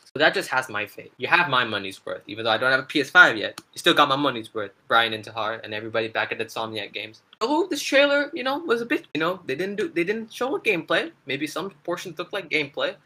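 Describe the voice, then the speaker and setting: Excitable man with a bright voice. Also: mid-range voice, quick pace. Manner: excitable, enthusiastic fan talk. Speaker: gaming channel co-host. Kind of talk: casual gaming chat.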